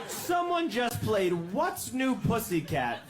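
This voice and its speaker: A man doing stand-up, telling a long story with lively delivery and sung snippets. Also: extremely high pitch, takes it slowly, over music. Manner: animated, sings song snippets. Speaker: stand-up comedian.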